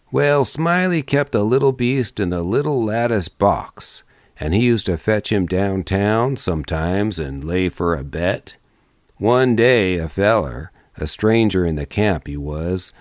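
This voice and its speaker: A man's voice: on the low side, no echo, studio quality. A man narrating an audiobook in a rambling, folksy vernacular storytelling style.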